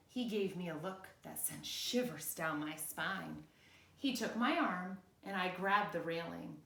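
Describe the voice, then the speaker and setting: A woman's voice: fairly low pitch, a little slow, gravelly, fairly bright tone. A woman teacher reading a picture book aloud to children in a playful way, checking in with her listeners. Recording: roomy echo.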